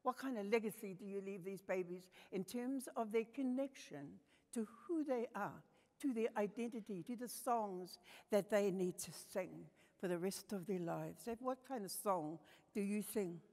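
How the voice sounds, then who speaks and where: An older woman with a New Zealand accent, giving a passionate personal storytelling talk at a conference, moving between soft and emphatic. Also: medium pitch, normal speed. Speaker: conference speaker. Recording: long hall reverb.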